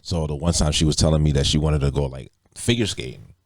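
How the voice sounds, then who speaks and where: A man's voice: very deep voice, quick pace, no echo, clean studio sound. A man on a podcast telling a workplace anecdote in a casual chat. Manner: animated anecdote teller. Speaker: podcast co-host.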